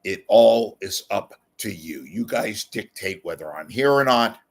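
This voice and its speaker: A show host with a lowish, creaky, expressive voice speaks unhurriedly in a casual monologue. He rambles and kvetches with self-mockery, appealing for donations and reading viewer comments aloud.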